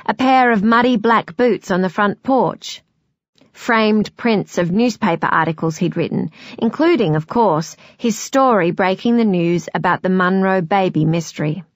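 A woman narrating a novel in a measured, expressive storytelling voice. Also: medium pitch, no room sound, lo-fi sound. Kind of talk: scripted audiobook narration.

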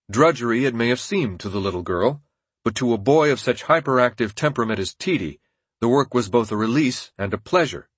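A male narrator reads a nonfiction audiobook with a steady, measured delivery. His husky voice sits at an ordinary middle pitch. The sound is dry and close, with no trace of room echo.

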